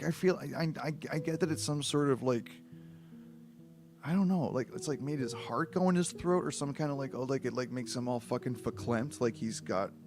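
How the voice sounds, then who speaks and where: A man reading a book aloud on a livestream, with rambling, profane, exasperated asides. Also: medium pitch. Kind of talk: comedic read-aloud livestream.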